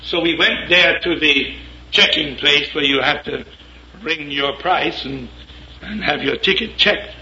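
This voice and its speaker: A male minister telling a story in a sermon, animated and lively, slipping into acted voices. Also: on the high side, unhurried, slight background noise. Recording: echoey lo-fi hall recording with audience.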